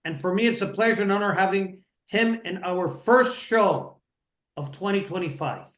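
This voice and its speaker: A man's voice: high-pitched, normal speed, a bit bright, echoey room. A male interview host who introduces his guest in a formal, effusive way. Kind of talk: radio interview. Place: home studio in Miami.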